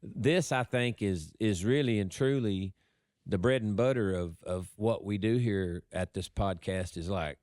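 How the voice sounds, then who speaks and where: Low-voiced man hosting a podcast, dry sound. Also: a little slow, dry recording. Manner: warm, rambling, thankful. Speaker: podcast host. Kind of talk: casual podcast chat.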